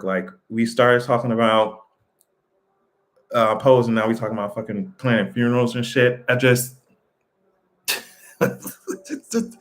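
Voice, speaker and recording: A man hosting a casual livestream, talking in an animated, profane way with sudden jumps in pitch and frequent laughter. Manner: laughs often between remarks. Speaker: livestream host.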